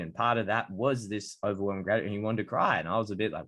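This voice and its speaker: A man hosting a podcast, chatting casually and telling stories in a relaxed way. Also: on the low side, very fast, few pauses. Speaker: podcast host, dietitian. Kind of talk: casual interview chat.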